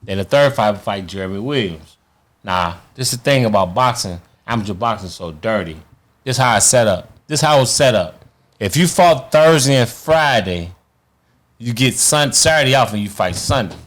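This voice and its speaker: A former boxing champion from Chicago, USA, appears as a guest and tells a long story in casual, profane talk. His voice is lowish and at normal speed, and he animatedly acts out quotes in other people's voices.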